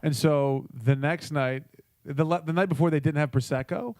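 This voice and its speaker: A man's voice: fairly high pitch, moderate pace, a little mellow, no echo. A man co-hosting a podcast, teasing his partner and retelling stories in casual profane chat. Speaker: podcast co-host.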